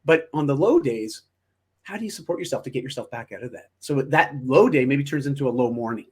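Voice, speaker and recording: Husky-voiced man, reflective guest. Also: medium pitch, expressive, brisk. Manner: reflective, encouraging, many restarts. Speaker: guest, motivational speaker. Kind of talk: casual interview chat.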